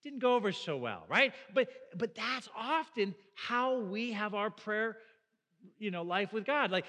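Man, pastor preaching, high-pitched, long reverberant hall. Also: animated, unhurried, sharp tone. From Canada. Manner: conversational, asks the listeners questions. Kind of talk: sermon.

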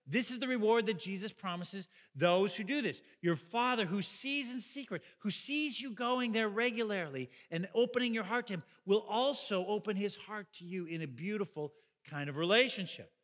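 A man's voice: sits high, normal speed, few pauses, a bit bright, long reverb tail. A middle-aged man preaching a sermon as pastor, in a conversational way that asks the listeners questions. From Canada.

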